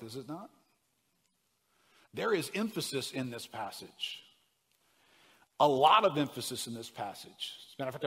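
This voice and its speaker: A man's voice: mid-range voice, fairly bright tone, slightly rough. Emphatic male preacher in a reverberant hall. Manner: emphatic, stresses single words, asks the room questions. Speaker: pastor. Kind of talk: sermon.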